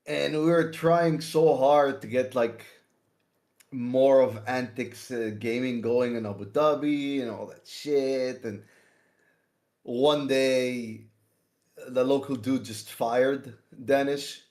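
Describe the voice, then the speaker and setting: A man's voice: mid-range voice, takes it slowly, darkish tone. A man streaming and chatting casually, laughing often as he tells stories.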